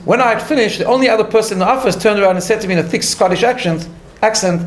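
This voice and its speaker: High-pitched guy, rabbi telling a story at a class, chatty and laughing at himself, echoey room. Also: rapid-fire. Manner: animated storytelling, laughing at his own asides, frequent restarts. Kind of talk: conversational lecture with a story.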